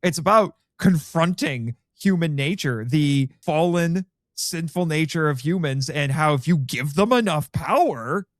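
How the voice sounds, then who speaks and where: A man's voice: no room sound, clean studio sound. A man hosting a casual film discussion podcast, talking animatedly and acting out characters' lines. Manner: animated, quotes characters with rising pitch. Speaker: podcast host.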